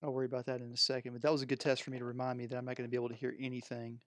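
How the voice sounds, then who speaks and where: A man's voice: mid-range voice, little pitch movement, rapid-fire, fairly bright tone, no room sound. A man live-streaming from his home studio, rambling and thinking aloud as he unpacks and wires up music gear. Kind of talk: unscripted live stream chat. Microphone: headset microphone.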